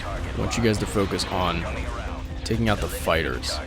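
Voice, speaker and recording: Over game music, a gaming channel host with a low voice tells a long, meandering story as he issues commands in a strategy game. He speaks at a normal speed, laughs a lot, and frequently cuts himself off mid-thought.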